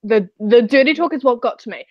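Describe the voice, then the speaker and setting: A woman's voice: a little high, lively intonation, a little fast, no echo. A woman co-host in a casual book chat, telling stories animatedly and laughing often. The sound is dry and a little dull, like a remote call.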